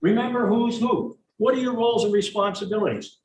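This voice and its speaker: A man's voice: high voice, fairly even intonation. Blunt older man lecturing in a roomy hall. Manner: blunt, folksy, plain-spoken; acts out parents and teachers in quick asides. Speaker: retired child neuropsychologist giving a parent talk. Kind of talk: public lecture to parents. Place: meeting room or auditorium. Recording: roomy, from a distance, faint hiss.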